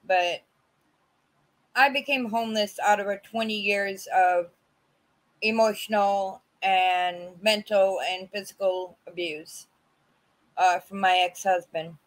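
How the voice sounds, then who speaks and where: A woman testifying about her own past on a virtual panel, speaking haltingly with many fillers and restarts over a video call. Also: mid-range voice, steady tone, poor audio. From California. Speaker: community advocate sharing her story.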